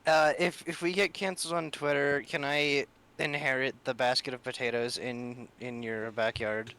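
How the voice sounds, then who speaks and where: A man co-hosting a casual podcast, giving meandering, halting explanations. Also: medium pitch, flat delivery, sharp tone, clear, resonant tone. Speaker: podcast co-host. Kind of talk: casual chat.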